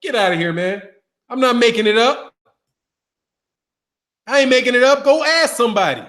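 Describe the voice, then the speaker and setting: Guy ranting bout boxing, real high voice, fired up and repeating himself. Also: normal speed. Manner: animated, repetitive, trash-talking. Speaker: boxing commentator. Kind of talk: casual rant to camera.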